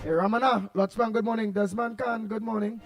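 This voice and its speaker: A Trinidadian man hosting a morning call-in radio show, loud and passionate as he greets listeners one by one by name. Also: sits high, fairly even intonation, fairly quick, music in the background.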